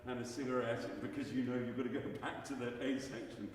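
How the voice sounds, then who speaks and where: A man coaching a singer in a masterclass, animated and jokey, often restarting his sentences and singing short examples. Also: medium pitch, fast, noisy background. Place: large recital hall. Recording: echoey hall from far off.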